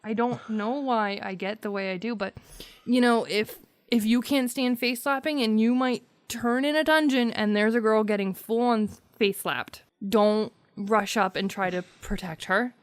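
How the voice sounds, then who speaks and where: Giggly, animated female co-host. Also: a little high, normal speed, smooth, dry recording. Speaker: podcast co-host. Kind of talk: casual podcast chat.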